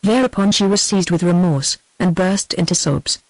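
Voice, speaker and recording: A synthetic woman's voice with a British accent reading a novel aloud at a steady, even pace. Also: on the low side, normal speed, no echo, rough recording. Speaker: audiobook narrator. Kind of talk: text-to-speech novel reading.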